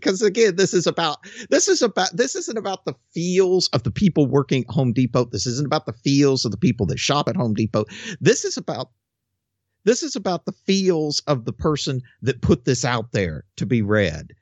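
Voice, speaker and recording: A man's voice: on the high side, very animated, moderate pace, darkish tone, dry recording, highs cut off. An older man, the co-host, giving blunt, scornful opinionated commentary.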